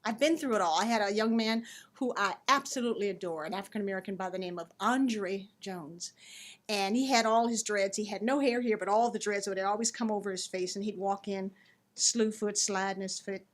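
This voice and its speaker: A woman yoga teacher speaks as a guest on a talk show. Her voice sits at a mid pitch, and she tells her stories earnestly and expressively. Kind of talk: casual interview chat.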